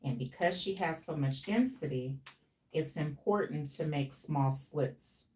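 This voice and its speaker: A woman's voice: low voice, measured pace, a little mellow, distant mic. A woman who styles hair on a live stream, chatting playfully with viewers as she works. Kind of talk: live stream chat while styling hair. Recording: off-mic with faint background noise.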